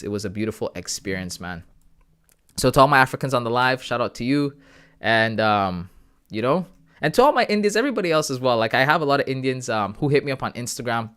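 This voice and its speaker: A man's voice: lowish voice, clean tone. Chatty laid-back man from Canada. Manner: relaxed, chatty, often says bro and man. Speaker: livestream host sharing trading analysis. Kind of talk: casual live-stream chat.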